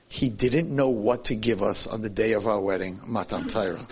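A man giving a sermon as a Jewish lecturer, telling a story with animated, swinging delivery. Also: fairly low pitch, normal speed, few pauses, slightly rough.

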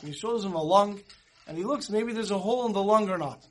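A man's voice: sits high, brisk, a bit bright. A man teaching a Torah class, telling stories conversationally and mixing in Hebrew and Yiddish terms. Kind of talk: storytelling sermon.

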